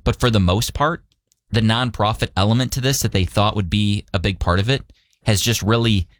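A man's voice: lowish voice, moderate pace, no echo, studio quality. A man co-hosting a radio show, chatting casually about the news with loose, restarting sentences. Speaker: radio co-host.

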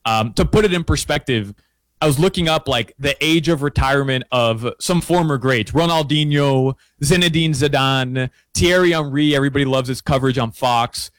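A man chatting casually as a sports analyst guest, excitable, with lots of stammered restarts and fillers. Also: mid-range voice, moderate pace, no room sound. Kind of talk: casual sports betting chat.

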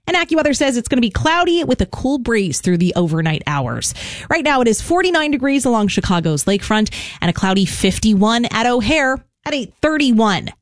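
A woman anchoring a radio newscast in a brisk, even newsreader delivery. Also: on the high side, dry recording, studio quality. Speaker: news anchor. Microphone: studio microphone.

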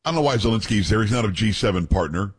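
A man's voice: lowish voice, lively intonation, racing, husky. A man hosting a talk radio show, reading news aloud with blunt opinions and joking asides to his co-hosts.

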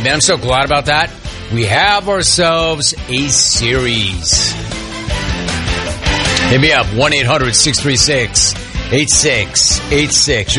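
A man hosting a sports talk radio show, delivering his opinions in an emphatic, punchy way from a studio. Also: mid-range voice.

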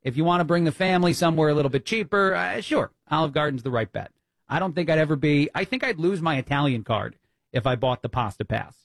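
A man's voice: fairly high pitch, expressive, quick pace, gravelly, no echo. Opinionated New Jersey talk radio man. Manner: opinionated, conversational, many fillers. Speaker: fill-in radio talk host. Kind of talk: political talk radio monologue.

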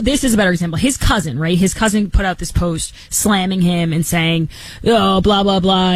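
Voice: medium pitch, slightly rough, no echo, low-quality recording. Impassioned, rambling podcast co-host. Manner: impassioned, rambling, self-interrupting. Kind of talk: casual opinion chat.

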